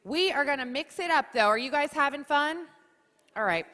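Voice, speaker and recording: A woman's voice: high-pitched, normal speed. A woman from New York hosting a conference on stage, joking and rallying the audience. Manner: lively, joking, rallies the audience. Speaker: conference emcee. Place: large conference hall. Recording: reverberant hall.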